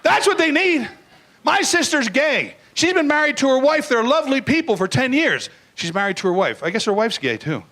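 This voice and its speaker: A man's voice: very high-pitched, sing-song, normal speed, sharp tone, rough recording. An older man doing a crude, blunt stand-up comedy routine, acting out bits in put-on voices.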